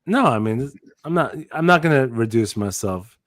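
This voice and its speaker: A man's voice: medium pitch, lively intonation, moderate pace, no echo, clean studio sound. Blunt, profane man with a bouncy lilt. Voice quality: lyrical bounce to his voice. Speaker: podcast co-host. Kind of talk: casual podcast banter.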